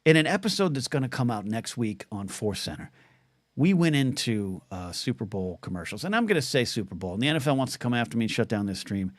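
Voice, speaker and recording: A man's voice: mid-range voice, sing-song, fast, no echo. A man hosting a solo livestream podcast, answering viewer questions in a rambling, jokey way that often stops and restarts. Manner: rambling, self-interrupting, jokey. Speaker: podcast host.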